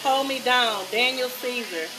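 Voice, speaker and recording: A woman with a Southern US accent chatting excitedly to viewers while she cooks in her home kitchen. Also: fairly high pitch, unhurried. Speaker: home cooking vlogger. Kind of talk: casual cooking chat to viewers. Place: home kitchen with food sizzling. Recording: noisy kitchen background.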